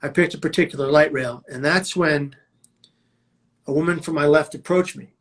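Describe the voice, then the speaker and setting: A man's voice: fairly high pitch, moderate pace, a bit bright. Intense man telling his own story. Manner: vivid, dramatic storytelling with emphatic quotes. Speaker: suicide prevention speaker. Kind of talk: personal storytelling talk.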